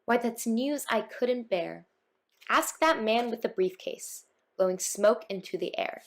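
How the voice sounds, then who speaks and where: Storybook figure: a woman reads an eager, loyal sidekick, slightly gravelly. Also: a little high, lively intonation, unhurried. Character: loyal, eager companion of the jester.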